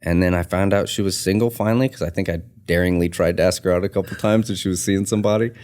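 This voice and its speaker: A man's voice: sits low, quick pace, clear, resonant tone. A man, a tattoo artist and shop owner, telling an earnest story in a casual podcast interview and acting out the dialogue. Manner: earnest, animated retelling with quoted dialogue.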